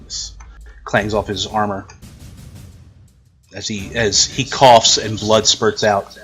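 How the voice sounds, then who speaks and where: A man's voice: on the low side, level tone, takes it slowly, fairly bright tone, soft background music. A man running a tabletop game as game master, narrating combat in gory detail and often laughing.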